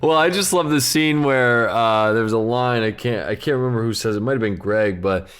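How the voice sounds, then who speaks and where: A man co-hosting a television review podcast in a relaxed, casual way. He laughs often and drops in short agreeing replies between longer retellings. His voice sits at a typical middle pitch. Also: brisk, clear, resonant tone. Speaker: podcast co-host.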